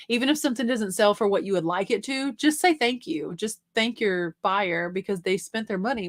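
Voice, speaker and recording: A young adult woman hosting a casual livestream, reading viewer comments aloud and chatting back about reselling. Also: mid-range voice. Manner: chatty, reads comments aloud and answers them.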